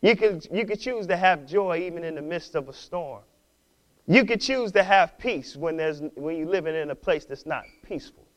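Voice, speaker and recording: Lively in intonation and speaking at a normal pace, this high-voiced male pastor urges on his audience during a sermon. He trips over and repeats words before rising to loud, impassioned preaching.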